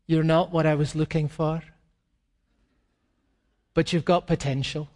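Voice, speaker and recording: A man's voice: fairly high pitch, level tone, unhurried, a little mellow, natural voice. A man voicing a young man who proposes marriage while listing his fiancée's faults, in a sermon recorded in a reverberant hall. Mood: condescending.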